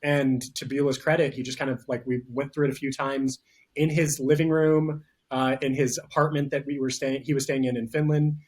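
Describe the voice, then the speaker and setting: A man speaking as a film director in a relaxed interview, talking thoughtfully with frequent fillers and restarts. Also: mid-range voice, fairly quick. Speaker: writer-director. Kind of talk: casual interview talk.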